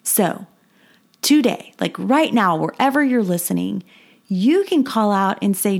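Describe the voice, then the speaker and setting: A woman's voice: mid-range voice, lively intonation, measured pace, creaky. Enthusiastic woman teaching a Bible lesson. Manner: enthusiastic, emphatic, repeats key points. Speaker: Bible teacher and podcast host. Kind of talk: kids' Bible lesson podcast.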